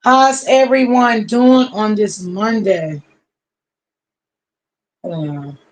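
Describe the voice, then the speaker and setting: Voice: medium pitch, fairly even intonation, extremely slow. A livestream host in casual chat who greets viewers one by one by name, drawing out each greeting and calling people honey and baby. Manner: warmly familiar, calls people honey and baby.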